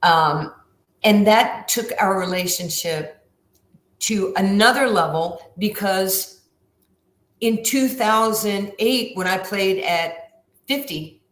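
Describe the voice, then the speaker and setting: A woman in her sixties telling stories as a guest on a podcast, animated and acting out the lines of other people. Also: medium pitch, takes it slowly. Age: 60s. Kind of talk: storytelling in a podcast interview. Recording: roomy echo.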